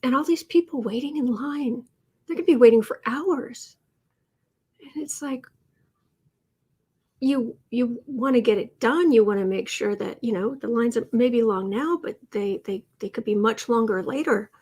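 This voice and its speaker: A woman's voice: on the high side, moderate pace, a little mellow, husky. A woman hosting a political tarot and astrology livestream, talking in a rambling, casual way with many fillers and restarts.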